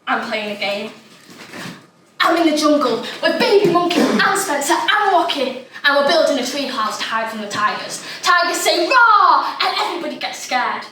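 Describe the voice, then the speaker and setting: A woman's voice: high voice, very animated, moderate pace, sharp tone, a little hiss or hum, full character voice. A woman playing an imaginative, chatty young child, delivering a dramatic monologue, childlike and plain-spoken. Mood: playful. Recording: roomy echo, distant mic, faint ambience.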